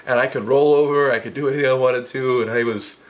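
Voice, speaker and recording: A man in his twenties runs a comedy storytime vlog, sounding lively and poking fun at himself. When he quotes people, his pitch jumps up quickly into a squeak.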